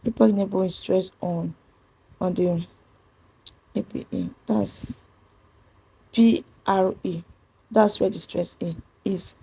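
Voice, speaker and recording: A woman, teaching a pronunciation lesson and spelling out letters as she repeats each rule slowly. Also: medium pitch, steady tone, vocal fry, mellow, slightly rough, rough recording. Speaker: English teacher.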